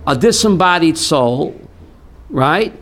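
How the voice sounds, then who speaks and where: A fairly high-pitched man speaking slowly, this rabbi teaches Jewish theology to a class. He is animated, drops into the voices he quotes, and quizzes listeners with call-and-response questions.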